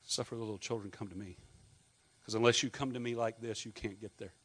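A calm grown man's voice for Jesus, low and earnest, his words measured as he rebukes the leaders, spoken by a preacher quoting him. The tone stays steady rather than theatrical. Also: breathy edge. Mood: gentle.

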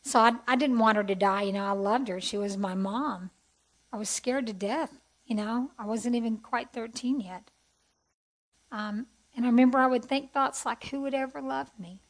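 A middle-aged woman telling her personal testimony in an earnest, heartfelt way, with soft hesitations. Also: on the high side, moderate pace, low-quality recording. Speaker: speaker sharing testimony.

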